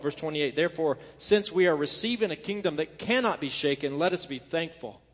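A man preaching in a church, his fairly high voice carrying a long echo through the hall. The sound is a little dull, and he delivers his sermon earnestly, building to emphatic peaks. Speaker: pastor.

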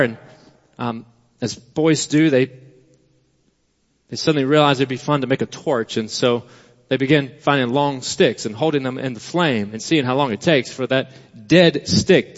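A pastor preaching a sermon, emphatic and repetitive, then dropping to a quiet storytelling tone. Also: male voice, medium pitch. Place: church sanctuary. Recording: long church reverb, dull sound.

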